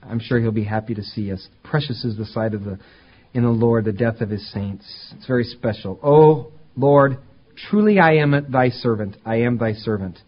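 A man preaching a conversational sermon as pastor, talking plainly and then climbing to emphatic, louder peaks. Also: fairly low pitch, steady tone, fairly quick, husky, highs cut off.

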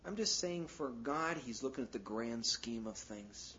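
This male pastor speaks in a mid-range voice that's expressive, unhurried, pushed and bright, over a faint hiss or hum. His sermon is casual and chatty, peppered with "you know," jokes, and performed asides, all captured on a dull, lo-fi recording.

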